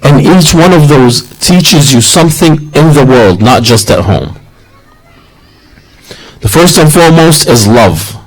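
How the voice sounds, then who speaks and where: A man's voice: fairly high pitch, animated, unhurried, low-quality recording. A man preaching a sermon in an earnest, rhythmic way that repeats its phrases.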